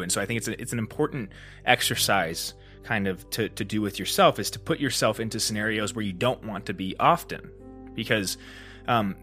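Rambling male podcast host, casual storyteller. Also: lowish voice. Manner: rambling, many fillers and restarts, animated when retelling.

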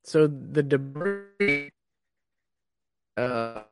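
A man's voice: on the high side, lively intonation, drawn-out words, vocal fry, over music. A man co-hosting a podcast over a remote call, hesitant and full of stammering restarts. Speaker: podcast co-host. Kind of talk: casual podcast chat.

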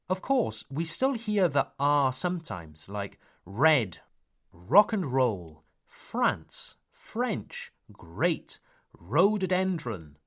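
A man from Wales hosts an English lesson, stretching out each example word with deliberate, careful pronunciation. His pitch swings widely as he teaches, and he never rushes. He slips into French now and then to explain a point. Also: sing-song, a bit bright. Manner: slow, careful, exaggerated pronunciation of example words. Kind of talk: podcast lesson for learners.

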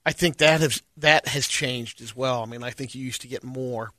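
A man co-hosting a casual talk show, dropping quick wisecracks. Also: medium pitch, bright, forceful tone, no echo. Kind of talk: casual chat.

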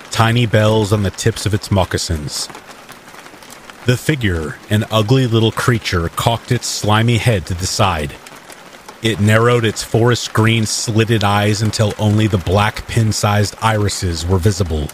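A man narrating a horror story in the first person, in a measured and dramatic manner. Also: on the low side, slight background noise. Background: rain.

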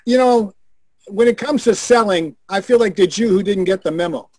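An older man tells stories on a video call in a high, lively voice, cursing freely and acting out the people he quotes. The sound is dry, with no room around it. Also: normal speed, dry recording. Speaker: guest on a video call show. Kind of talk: anecdotal storytelling.

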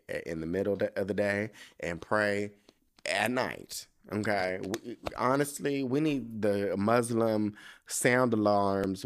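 A man hosting a solo podcast in casual chat, telling stories in slangy, profane speech, breaking into laughter and leaping up high when he quotes himself. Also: clean tone. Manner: animated storytelling, jumping into high excited quoting, frequent laughter. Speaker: podcast host.

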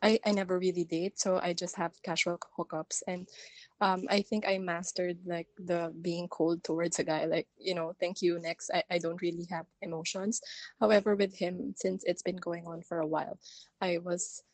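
A woman recounting a hookup story in a relaxed podcast chat. Her voice sits low, and the sound is close and dry, with no room in it. She talks candidly, stopping and restarting often with little fillers. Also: normal speed, dry recording. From Philippines. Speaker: guest telling a dating story. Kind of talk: casual chat.

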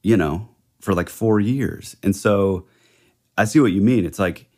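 A man's voice: on the low side, measured pace, darkish tone. A man co-hosting a podcast, thinking aloud hesitantly in casual true-crime chat. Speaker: podcast co-host.

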